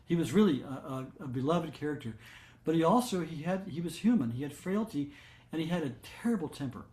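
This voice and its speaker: An older satsang leader tells devotional stories to a gathering in an expressive, slightly high voice. He speaks gently and without hurry, pausing on fillers and restarting sentences, and the recording carries the echo of a roomy space.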